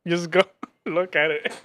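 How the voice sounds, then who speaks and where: A man's voice: a little high, steady tone, slow, fairly bright tone. A man on a gaming podcast who teases the host between laughs. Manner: teasing, laughing. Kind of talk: casual gaming podcast chat.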